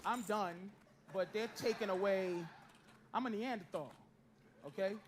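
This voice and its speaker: Middle-aged guy doing stand-up crowd work, high voice, teasing, shouts then mutters, loud noisy live club sound. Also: unhurried. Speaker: stand-up comedian.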